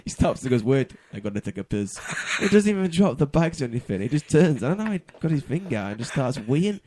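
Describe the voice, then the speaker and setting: A man's voice: on the high side, big pitch swings, quick pace, darkish tone, no echo. A young man from the UK, a guest telling rambling stories in casual chat on a podcast, laughing through his tales. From United Kingdom.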